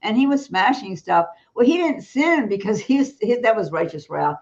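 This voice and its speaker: A woman's voice: fairly high pitch, animated, moderate pace, muffled recording. A woman guest on a Christian talk show, speaking bluntly and emphatically about prayer and sin, laughing between her points. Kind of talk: blunt preaching-style talk.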